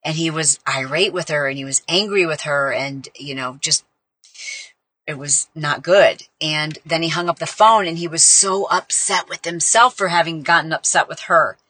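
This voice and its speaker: A woman podcast host tells a personal story in a casual, heartfelt, rambling way, saying "like" a lot. Her voice is low-pitched yet pushed and bright, at a moderate pace.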